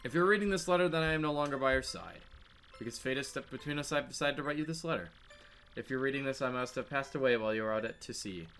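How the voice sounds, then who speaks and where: A man voicing a young wife's farewell letter in a soft, tender way. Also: mid-range voice, quick pace, soft background music, close to an everyday voice. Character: loving young wife writing a farewell.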